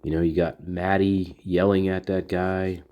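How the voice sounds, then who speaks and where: A man's voice: low voice, flat delivery, a little slow, dark tone. A man hosting a casual monologue, rambling and repeating himself as he thinks aloud and talks straight to his listeners. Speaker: podcast host.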